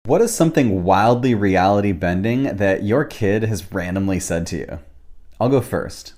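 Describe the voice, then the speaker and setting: Man, fairly low voice, casual host reading comments, amused. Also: lively intonation, moderate pace, darkish tone. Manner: reads comments aloud, amused. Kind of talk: casual chat.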